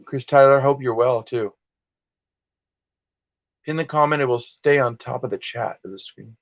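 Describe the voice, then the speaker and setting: A man's voice: medium pitch, moderate pace, no room sound, highs cut off. A man hosting a casual livestream while listing items for sale, rambling and self-deprecating as he chats with viewers. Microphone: desktop computer and phone.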